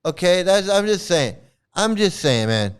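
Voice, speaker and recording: A man's voice: high voice, big pitch swings, measured pace, clear, resonant tone. A man hosting his own commentary channel, ranting and mocking with lots of repetition and swearing.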